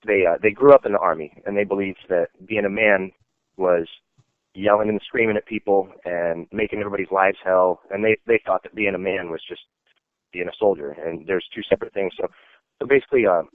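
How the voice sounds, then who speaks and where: Sitting low in pitch and talking fairly quickly, this army veteran tells relaxed, rambling stories heavy on "you know" and "like." No echo; the sound is dry and thin like a phone.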